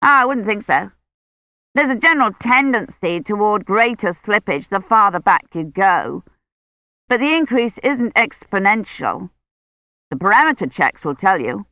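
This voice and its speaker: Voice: mid-range voice, big pitch swings, moderate pace, no room sound, pitched above the performer's own voice. A reader voicing a cautious, reluctant young male technician who keeps apologizing. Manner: hesitant, apologetic. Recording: dull lo-fi sound.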